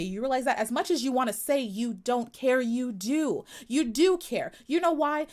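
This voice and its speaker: Young woman streamer from the US, slightly high-pitched, sharp and sassy, scolds her chat head-on. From United States. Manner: sassy, confrontational, emphatic repetition. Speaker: livestream host. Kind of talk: live stream chat commentary.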